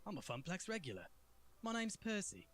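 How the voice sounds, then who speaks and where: Courteous older British gentleman, formal and lively in pitch, a man doing the voice, game read-along. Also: brisk. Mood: polite, wistful. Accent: put-on British. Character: genteel older British male arcade regular.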